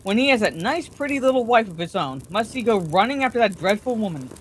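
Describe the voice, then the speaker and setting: A woman's voice: mid-range voice, animated, fast, a little hiss or hum, close to an everyday voice, rough recording. A woman voicing a gushing, gossipy middle-aged wife who chatters on, self-satisfied, in a bedtime story reading.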